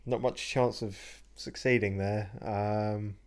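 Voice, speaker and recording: A man's voice: on the low side, fairly even intonation, slow. A man chatting casually as he streams a game, often laughing and reading out his choices. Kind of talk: casual let's play commentary.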